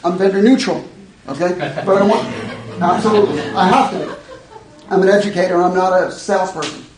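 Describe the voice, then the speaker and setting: A man's voice: high voice, fairly quick, a crowd in the background. A man teaching a live workshop, blunt and joking in a conversational way to an audience. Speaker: educator. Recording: echoey room.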